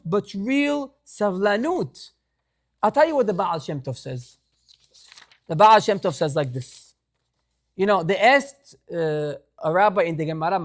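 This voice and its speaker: A man, a congregation rabbi, preaching in an animated storytelling way and mixing in Hebrew phrases. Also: high-pitched. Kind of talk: sermon. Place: synagogue.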